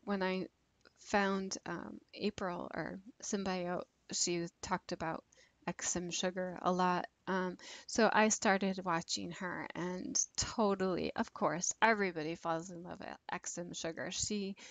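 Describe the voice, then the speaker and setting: A woman's voice: medium pitch, dry recording. A woman chatting casually in a vlog, rambling and a bit nervous, with lots of fillers and restarts. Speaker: YouTube creator doing a tag video. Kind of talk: casual chat.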